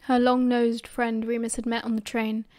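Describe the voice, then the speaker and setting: A British woman reads an audiobook aloud, her voice sitting a little high for a woman. She narrates in a steady, expressive storytelling way. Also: normal speed. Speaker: audiobook reader.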